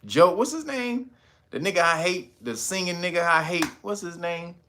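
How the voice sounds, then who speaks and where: A man with a high, bright voice that leaps up and down as he riffs. He hosts his own channel in a loose, comedic, profane style and keeps cutting himself off with laughs. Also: moderate pace, slight background noise. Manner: animated, profane, laughs often between lines. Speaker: channel host. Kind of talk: casual comedic commentary. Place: California.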